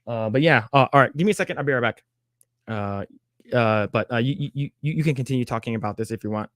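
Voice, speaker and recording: A man's voice: mid-range voice, fast, a bit bright, no echo, studio quality. A man co-hosting a casual podcast, reading out news items and stopping to react, with many fillers and repeated words. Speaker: podcast co-host.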